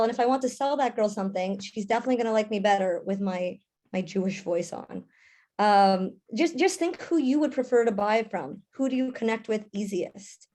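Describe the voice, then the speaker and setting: A young woman speaking as a panelist in a casual discussion, chatty with quick asides. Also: fairly high pitch, darkish tone. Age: young adult.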